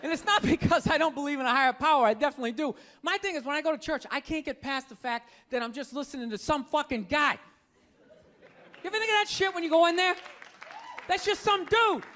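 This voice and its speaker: This fifties-aged stand-up comedian from Boston talks fast in a very high voice, launching into animated, incredulous rants complete with acted-out voices. Recorded live at a comedy club, the set carries a faint crowd and audience laughter.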